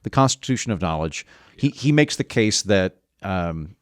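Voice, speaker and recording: A man hosting a podcast interview who talks in a chatty, animated, opinionated way. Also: deep voice, normal speed, clear, resonant tone, dry recording, studio quality. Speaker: podcast host. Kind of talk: conversational interview.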